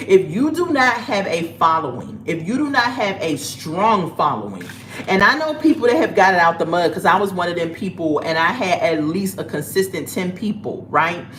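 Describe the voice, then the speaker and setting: A woman chatting casually on a livestream as she sells jewelry, telling her stories in an animated way. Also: on the low side, a little fast. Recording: roomy echo, faint background noise.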